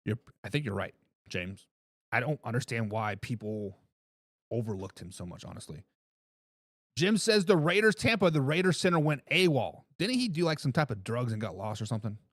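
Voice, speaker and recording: A man hosting a sports talk live stream, reading viewer comments and joking back at them in an excitable way. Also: medium pitch, moderate pace, no room sound, clean studio sound. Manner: excitable, laughs and repeats himself, teases commenters. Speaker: sports talk show host.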